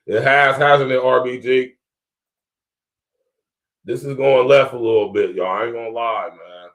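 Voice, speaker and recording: His mid-range voice sounds fairly bright and stays steady, moving a little slowly. He's a podcast host from the Columbus, Ohio area, chuckling often as he talks in an easygoing way to a live audience.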